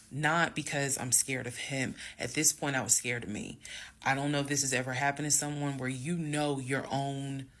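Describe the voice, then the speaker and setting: Animated gravelly woman telling a story. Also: a bass voice. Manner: dramatic, animated storytelling with acted quotes. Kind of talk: storytime vlog.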